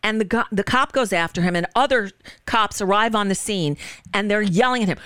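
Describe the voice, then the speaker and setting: A woman radio host speaking with passion and indignation, her pitch rising and falling in lively swings. Her voice is smooth and resonant, heard on a close studio mic in a dry, dead room. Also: fairly quick, dry recording. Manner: impassioned, indignant storytelling. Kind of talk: political talk show commentary.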